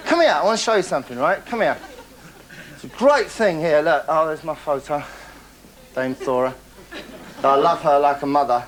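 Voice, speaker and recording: A man's voice: a little high, fairly bright tone, a little hiss or hum. A man hosting a comic monologue, boastful and rambling, chuckling at his own stories. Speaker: comedy character host.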